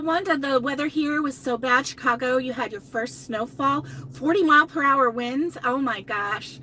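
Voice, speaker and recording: An older woman running a crochet channel talks casually from her car on a live stream, wandering between topics, laughing often and reading viewers' comments. Her voice sits high and sounds pushed and bright at a moderate pace, with slight background noise.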